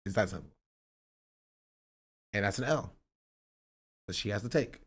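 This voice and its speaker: A man streaming live, reacting to clips with blunt, profane commentary that swings from measured to fired up. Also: lowish voice, animated, slightly rough.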